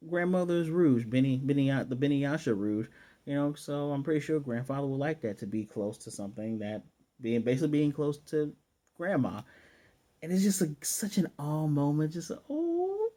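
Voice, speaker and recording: A man hosting an anime review, recapping an episode in an excitable, rambling way and slipping into quick character impressions. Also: a little high. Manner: excitable and rambling, often restarts sentences. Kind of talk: casual spoken episode recap.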